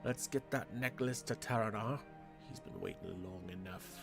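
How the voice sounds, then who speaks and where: A man voicing a gruff, hearty male dwarf adventurer in a video game, reading the quest dialogue aloud in a rough attempt at a dwarven brogue. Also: lowish voice, moderate pace. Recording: game music playing underneath.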